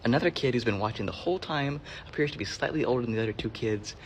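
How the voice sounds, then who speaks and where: A man's voice: medium pitch, fast talker, slight background noise. A man working as a librarian, telling heartfelt stories in an earnest monologue that sometimes drops to a whisper. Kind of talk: storytelling monologue.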